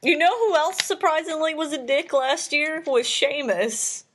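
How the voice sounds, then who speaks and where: A woman's voice: sits high, a little slow. Rambling young woman, casual chat. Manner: rambling, many fillers. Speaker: host.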